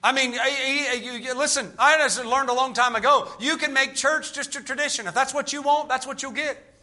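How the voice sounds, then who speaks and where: A man's voice: very high voice, fairly quick, pushed and bright. A man preaching a sermon to his congregation as pastor, fervent and emphatic.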